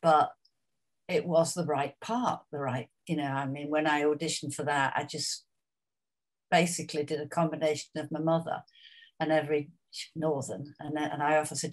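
Older woman, low deep voice, interview, chatty, anecdotal, asides. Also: level tone, moderate pace. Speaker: actress interviewee. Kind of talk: reflective career interview.

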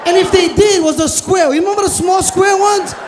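High-voiced stand-up comic. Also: male voice, brisk, crowd noise. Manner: animated, shouting punchlines. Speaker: stand-up comedian. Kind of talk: stand-up comedy. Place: hotel showroom stage. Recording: echoey hall, live noise.

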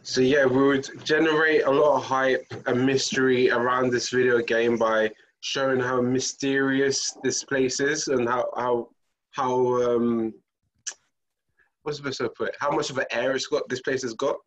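A male student pitching a campaign idea on a video call, hesitant and searching for words. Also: fairly even intonation, moderate pace, a bit bright. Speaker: student presenter. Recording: muffled lo-fi audio.

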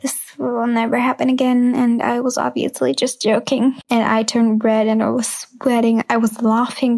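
High, even-toned young woman telling a story. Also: normal speed, vocal fry, few pauses, low-quality recording. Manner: chatty, breaks into short laughs. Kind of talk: casual storytime narration.

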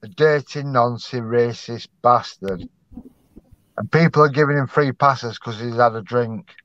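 A man's voice: mid-range voice, a little slow, fairly bright tone, no room sound, highs cut off. A man ranting angrily in commentary, swearing hard and often asking "do you know what I mean".

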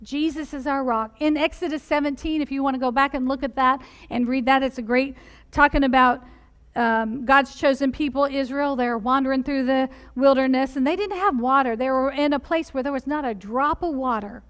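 Woman, high voice, sermon, earnest direct questions, goes soft on quiet points, church service. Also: brisk. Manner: earnest, asks the listeners many direct questions. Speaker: preacher. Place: church sanctuary.

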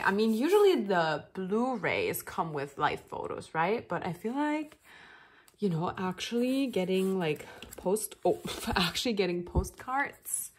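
A woman chatting casually to camera while unboxing, gushing and excitable, breaking into gasps and laughs. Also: lowish voice, a little hiss or hum. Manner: chatty and rambling, with fillers and restarts. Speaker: vlogger.

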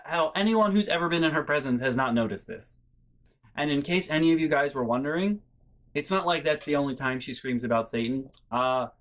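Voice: medium pitch, fairly bright tone. A vlogger tells a casual story at home in a mid-range voice. They ramble, lean on fillers, swear freely, and sound incredulous throughout. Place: bedroom at home.

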